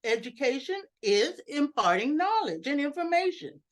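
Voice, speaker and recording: A woman giving an instructional talk over a video call, deliberate and emphatic, joking about her own lack of technical skill. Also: big pitch swings. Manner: deliberate, varies pitch and loudness for emphasis. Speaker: educational speaker at a club meeting. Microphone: video call computer mic.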